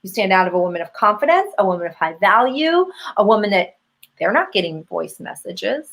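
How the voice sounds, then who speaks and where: A woman's voice: mid-range voice, fairly quick, rough recording. A woman coaching on dating as a show guest, talking with energy and often acting out bits of dialogue. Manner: energetic, acts out dialogue in quoted voices. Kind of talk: advice talk on a show.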